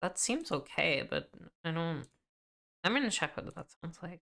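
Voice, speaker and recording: A woman's voice: fairly low pitch, sing-song, moderate pace, vocal fry, a bit bright. A young woman streaming a game, chatting casually and fussing over her audio settings during a mic check.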